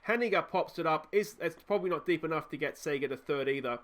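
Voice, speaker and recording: Young man, Australian accent, casual game commentary, slightly high voice, excitable, self-deprecating, desk mic. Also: quick pace. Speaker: let's play commentator.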